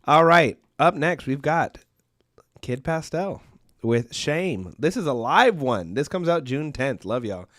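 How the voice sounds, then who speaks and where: A man's voice: fairly high pitch, animated, slow, a bit bright, dry recording. A man co-hosting a live music-review stream, chatting playfully and joking with his co-host. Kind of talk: casual live-stream chat.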